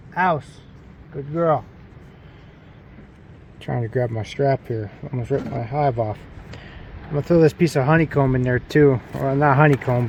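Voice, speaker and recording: A man's voice: medium pitch, lo-fi sound, a little hiss or hum. Easygoing man vlogging outdoors. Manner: relaxed, rambling, talks to his dog between steps. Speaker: beekeeping vlogger. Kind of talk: casual outdoor vlog narration.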